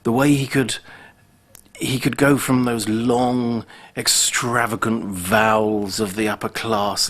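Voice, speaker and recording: A man speaking in a documentary interview, reflective and pausing to find his words. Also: mid-range voice, little pitch movement, fairly bright tone. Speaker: commentator.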